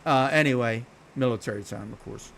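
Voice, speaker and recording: A man casually telling a long story while streaming a game, talking bluntly and swearing freely in an animated, unfiltered way. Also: medium pitch, brisk, gravelly, slight background noise.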